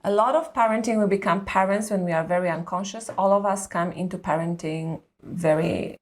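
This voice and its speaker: A woman's voice: lowish voice, fairly quick. A woman who is a mother and parenting coach, explaining patiently in conversation and often checking in with "correct?". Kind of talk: advice in conversation.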